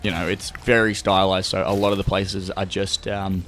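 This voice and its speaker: A man's voice: low voice, little pitch movement, normal speed, fairly bright tone, faint music behind. A young Australian man chatting casually as co-host of a gaming show, rambling and swearing and laughing often as he tells his stories. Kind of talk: casual chat while gaming.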